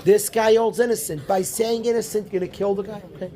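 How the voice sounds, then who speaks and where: A man, a rabbi teaching a Talmud class, animated, calling on students by name and repeating his questions. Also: sits high, fast. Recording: room noisy with student chatter.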